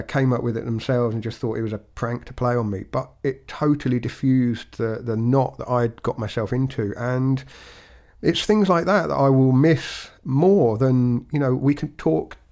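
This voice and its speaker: A man co-hosting a podcast, talking in a measured, reflective way with frequent restarts. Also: medium pitch, fairly even intonation, darkish tone. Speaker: podcast co-host.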